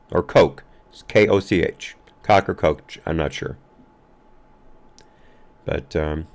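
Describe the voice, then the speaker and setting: A man hosting a live-streamed news commentary show, talking casually with frequent fillers and restarts. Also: lowish voice. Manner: halting, many fillers and restarts.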